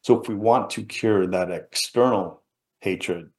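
Deep-voiced man telling his story. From England, around Liverpool. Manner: earnest, halting, often trailing off quietly. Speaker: interview guest. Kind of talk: reflective personal storytelling.

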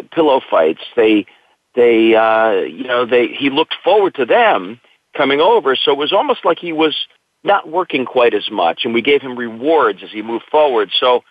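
A man's voice: mid-range voice, no room sound. A middle-aged man, a guest in an interview, telling his own story in an earnest, reflective way. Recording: tinny dry phone line.

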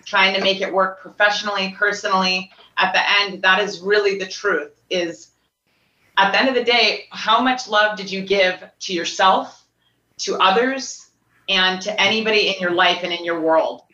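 A woman's voice: mid-range voice, moderate pace, pushed and bright, roomy sound, far from the mic, dull audio. A woman guest answering earnestly on a video call, reflecting on love and creativity. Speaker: guest, business owner. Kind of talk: casual interview answer.

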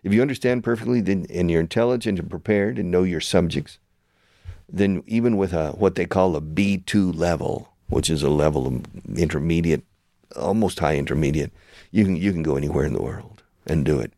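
A man's voice: sits low, brisk, creaky, mellow, dry recording, studio quality. An older man hosting his own show, explaining a point emphatically and teacherly, often restarting mid-sentence. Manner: emphatic and lecturing, with many restarts. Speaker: show host and language school founder. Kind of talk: conversational interview, teacherly explaining.

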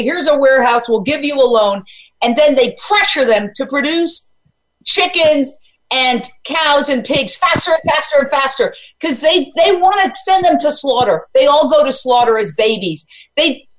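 A woman's voice: sits high, rough recording. A woman hosting a live radio talk show, talking with emphatic, urgent conviction.

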